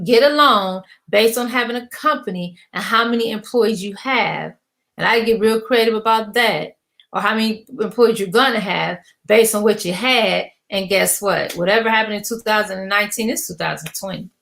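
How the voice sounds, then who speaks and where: A woman's voice: medium pitch, creaky, fairly bright tone. Emphatic woman giving a motivational rant. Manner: emphatic, preachy, slangy and repetitive. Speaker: business coach.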